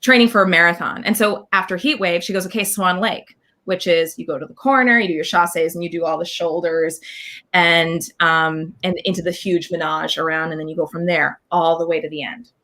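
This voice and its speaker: Lively bright-voiced woman telling a story. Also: fairly low pitch, fairly quick. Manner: animated, scats dance counts, acts out quotes. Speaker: guest performer. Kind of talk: casual interview chat.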